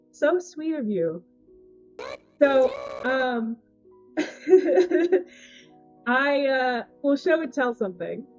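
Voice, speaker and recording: A woman streaming live, gushing and thanking her chat in casual, excitable talk. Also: sits high, dull audio. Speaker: Twitch cooking streamer.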